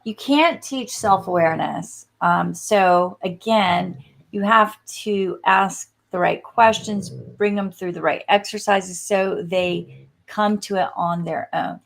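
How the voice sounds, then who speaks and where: A woman's voice: lowish voice, slow pace, gravelly. A woman who works as a coach, co-hosting a podcast in a casual, earnest conversational way.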